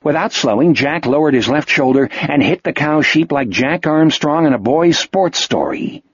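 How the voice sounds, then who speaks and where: Man, audiobook narrator, steady scripted reading, dry lo-fi recording. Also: fairly high pitch, moderate pace, husky, no room sound.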